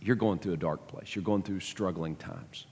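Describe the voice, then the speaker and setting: A man's voice: low-pitched, normal speed, darkish tone, husky, in a large hall. A man preaching a sermon to his congregation, emphatic, often repeating words as he builds a point. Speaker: pastor. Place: church sanctuary.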